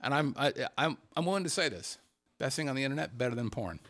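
A man hosting a loose, comedic podcast, trading jokes with his co-host. His pitch swings widely as he talks, and he laughs often. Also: lively intonation, quick pace, fairly bright tone. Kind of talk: casual comedic podcast banter. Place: Las Vegas.

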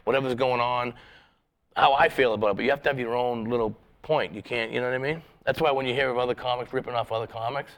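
A man's voice: medium pitch, fairly even intonation, quick pace. A man, a guest comedian, telling rambling, profane stories in a casual podcast chat, with many restarts.

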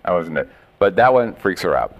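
A man's voice: low-pitched, big pitch swings, fairly quick, lo-fi sound. Guy hosting a podcast, jokey storyteller, voice swings up and down a lot, laughs a bunch. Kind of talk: casual banter.

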